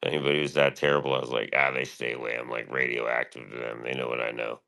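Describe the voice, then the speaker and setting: A man's voice: a bass voice, flat delivery, quick pace, gravelly, sharp tone. A man streaming live, rambling casually and profanely about his past and his show, often quoting himself.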